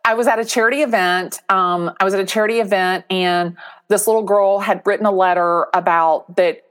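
A middle-aged woman, a real estate agent, telling a story as an interview guest, animated and acting out the voices of people in it. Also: medium pitch, brisk, smooth.

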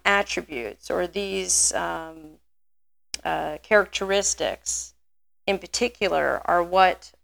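A woman in middle age delivers an academic lecture on design education. Her voice has a strong gravelly fry at mid pitch, and she thinks out loud with frequent ums. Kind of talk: lecture talk.

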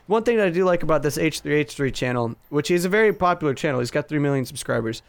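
A young man with a slightly raised voice, talking loosely and rambling through a story full of fillers. He keeps jumping back to rephrase himself, casual and animated. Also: on the high side, quick pace. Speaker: podcast co-host. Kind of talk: casual chat.

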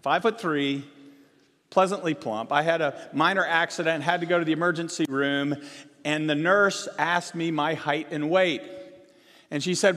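A man with a high, light voice delivers a sermon as pastor. He swells on emphatic words, then falls back low and soft. His voice carries a long reverb from a large church hall. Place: church sanctuary.

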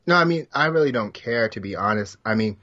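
A man's voice: mid-range voice, expressive, fairly quick, pushed and bright, no room sound, lo-fi sound. A man co-hosting a comedy podcast remotely, talking in a blunt, dry, offhand way. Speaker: podcast co-host. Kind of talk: casual comedic chat.

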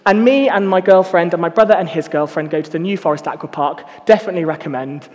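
A man's voice: fairly high pitch, fast, a little mellow, big-room sound. A young man giving a casual, self-mocking sermon full of personal stories. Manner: self-mocking, chatty storytelling. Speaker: preacher.

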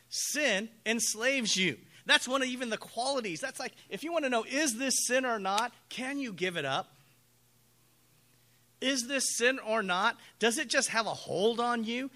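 Man, pastor, sermon, high pitch, very bright forceful tone, animated storytelling. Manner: animated storytelling, acts out quoted voices.

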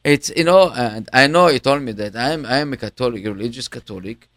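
Man, lively pitch, halting repeats, casual talk. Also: dry recording. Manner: halting, repeats words, grows animated telling stories. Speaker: host. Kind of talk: casual chat.

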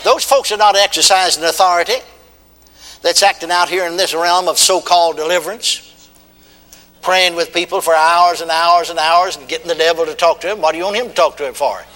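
Older male preacher, high and bright, emphatic sermon delivery in a reverberant hall. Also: brisk. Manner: emphatic, repetitive, leads call-and-response. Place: church.

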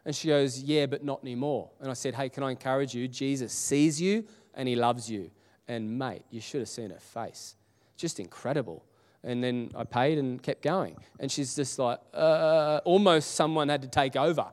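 Pastor in a reverberant hall. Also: male voice, medium pitch, normal speed, a little mellow. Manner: conversational storytelling with repeated restarts and acted quotes. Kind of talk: sermon. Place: church auditorium.

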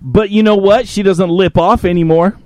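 A man's voice: high-pitched, fairly even intonation, normal speed, mellow, no room sound. A man hosting a podcast and telling a story in casual, profane chat. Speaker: podcast host.

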